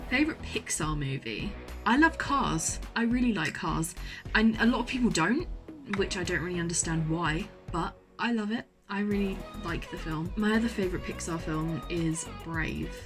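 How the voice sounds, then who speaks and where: A woman's voice: fairly low pitch, animated, moderate pace, over music. A young woman in casual chat to camera, gushing and enthusiastic, often repeating herself, speaking from her university bedroom. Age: young adult. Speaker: vlogger.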